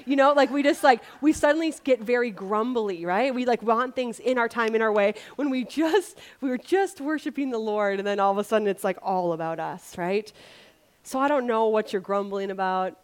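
A woman's voice: a little high, brisk, clear, resonant tone. Chatty woman preaching a sermon. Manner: chatty and animated, acts out grumbling voices.

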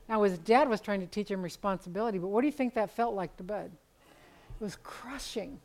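A woman's voice: medium pitch, brisk, a little mellow, poor audio. Candid older woman teaching Bible study. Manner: candid, self-deprecating storytelling with dry humor. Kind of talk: conversational teaching talk.

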